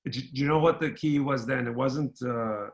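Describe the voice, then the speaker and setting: A middle-aged former pro basketball player, from Ireland and raised in the United States, tells stories as a guest in a casual interview. He animatedly acts out the voices of the people he quotes. His voice is medium-pitched at a moderate pace.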